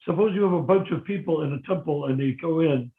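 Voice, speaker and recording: An older man leading a devotee meeting by phone, talking casually and animatedly, acting out dialogue with sudden loud outbursts. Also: a little high, fast, noisy background. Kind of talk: casual teaching talk over a phone meeting. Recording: tinny phone line, echoey.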